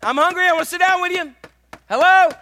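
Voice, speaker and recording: A man voicing Jesus knocking at a door, calling out in a high, repetitive, pleading singsong. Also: quick pace, bright, forceful tone, heavily acted.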